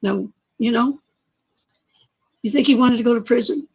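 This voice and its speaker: A woman's voice: on the high side, normal speed, creaky, slightly rough. A woman being interviewed who tells her story emphatically, pressing her points with repeated words and rhetorical questions. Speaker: interview guest. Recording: muffled lo-fi stream audio.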